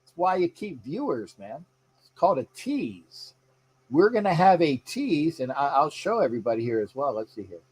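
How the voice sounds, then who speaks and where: A man's voice: on the high side, big pitch swings, normal speed, a little mellow, slightly rough. A man hosting a casual live sports show, rambling and chatty as he reads out viewer comments. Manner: frequent fillers and restarts. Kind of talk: casual live-stream chat.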